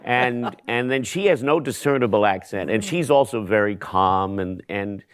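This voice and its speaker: A man's voice: lowish voice, lively intonation, moderate pace, smooth. A man being interviewed as a stage actor, chatting casually and wryly, laughing between thoughts and often restarting his sentences.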